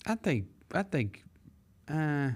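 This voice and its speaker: A man co-hosting a sports talk show, mostly giving short, low-key replies in casual chat. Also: sing-song, takes it slowly. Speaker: co-host.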